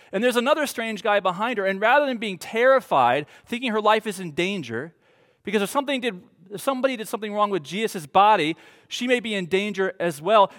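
A man with a high voice preaches a sermon, earnest and unhurried, leaning on pauses for weight. The sound carries a long reverb, like a church sanctuary. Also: a bit bright. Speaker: pastor.

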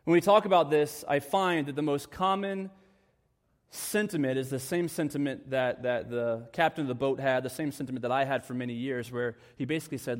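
A man's voice: mid-range voice, steady tone, a little fast. Earnest male pastor preaching in a reverberant hall. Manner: earnest, dropping to soft hushed tones for emphasis. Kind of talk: sermon.

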